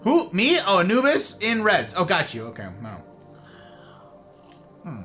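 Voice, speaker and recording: A man's voice: high-pitched, wildly swooping pitch, unhurried, long pauses, pushed and bright, soft background music. A man casually commentating a video game live, playful and chatty, greeting his viewers. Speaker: game streamer.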